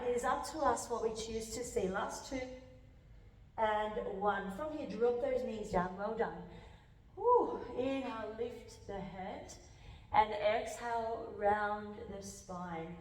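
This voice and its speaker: A woman's voice: on the high side, recorded from a distance. Breathless yoga teacher woman, echoey hall. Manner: calm cueing with counted holds, breathy while moving. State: a little out of breath. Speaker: yoga instructor. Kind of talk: guided yoga class cues.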